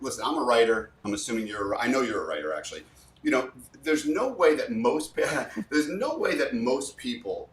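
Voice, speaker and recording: A man's voice: medium pitch, a bit bright. A man, a guest communication coach, explaining emphatically and repeating points for effect. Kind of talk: animated explanation with spoken demos. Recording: roomy sound, far from mic.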